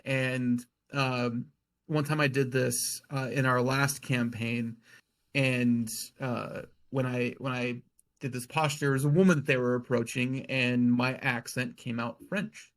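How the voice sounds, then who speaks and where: A man's voice: mid-range voice, steady tone, unhurried, fairly bright tone. A man on a podcast talking casually as a guest game master, often restarting his sentences as he thinks aloud.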